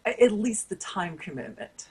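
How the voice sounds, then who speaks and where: Woman cohost, chatty and playful, laughs a lot, mid pitch. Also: sing-song, normal speed, mellow, slightly rough. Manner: laughs often, playful banter. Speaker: podcast co-host. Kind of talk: casual chat.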